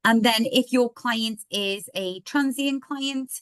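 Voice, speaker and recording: Slightly croaky woman on a video call. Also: a little high, slow, fairly bright tone, no echo. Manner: chatty, explaining step by step. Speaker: software trainer. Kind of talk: live online workshop demo.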